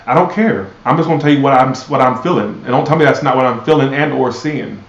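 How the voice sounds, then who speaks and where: A man's voice: mid-range voice, quick pace, hardly any pauses. A man giving a blunt, sarcastic tarot reading live, swearing freely and talking casually to his viewers. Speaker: tarot reader. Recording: roomy, dull lo-fi sound.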